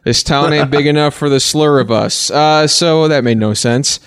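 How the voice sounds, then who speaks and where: A man's voice: a little high, moderate pace, clear, resonant tone, no room sound, clean studio sound. A man co-hosting a podcast, joking around and introducing the week's segments. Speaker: podcast co-host. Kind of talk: casual podcast banter.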